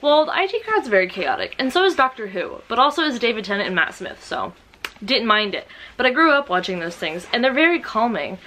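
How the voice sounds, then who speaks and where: A young woman from the United States talks through her book haul and her day in a loose, chatty vlog. Her voice is bright and forward, her tone excitable, and she keeps breaking in with self-mocking asides. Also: on the high side, fairly quick, a little hiss or hum. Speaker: book vlogger. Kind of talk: casual vlog chat.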